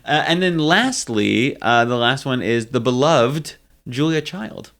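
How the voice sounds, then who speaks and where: A man's voice: medium pitch, lively intonation, slow pace, fairly bright tone. A young man co-hosts a casual podcast, walking his friend through a history topic. He talks in a loose, chatty way, full of fillers and playful asides. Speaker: podcast co-host. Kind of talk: casual chat presenting history.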